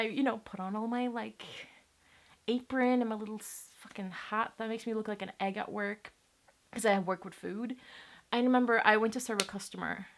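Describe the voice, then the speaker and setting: A woman's voice: on the high side, a bit bright. Young woman from latvia, casual vlog storytime, rambling and chatty, lots of fillers, camera mic. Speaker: vlogger.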